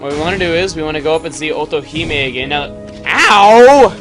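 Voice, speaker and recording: A man giving casual, joking commentary over his gameplay, breaking into loud excited exclamations. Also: fairly high pitch, quick pace. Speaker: let's play commentator. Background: game music.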